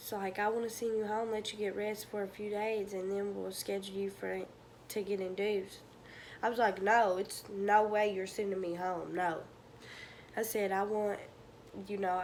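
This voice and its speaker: A woman's voice: medium pitch, darkish tone, slight background noise. Tearful young woman telling her story. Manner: emotional, halting, drops to a whisper at times. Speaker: vlogger. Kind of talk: personal storytelling to camera.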